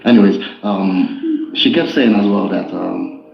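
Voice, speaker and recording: A man hosting a casual group discussion, relaxed and filler-heavy, laughing as he mocks. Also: low-pitched, measured pace, gravelly. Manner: relaxed, full of fillers, laughs while mocking. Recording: echoey muffled online call with faint music.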